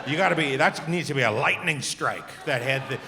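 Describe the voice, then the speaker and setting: A middle-aged man performing a stand-up comedy set on stage, telling animated stories and acting out the voices he quotes. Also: medium pitch, fairly quick, vocal fry. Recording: reverberant club with audience laughter.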